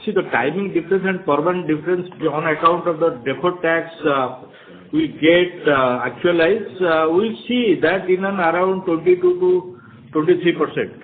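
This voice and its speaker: A man's voice: on the high side, normal speed. A male company executive answering questions on an earnings call, hesitant and full of fillers, over a tinny phone line.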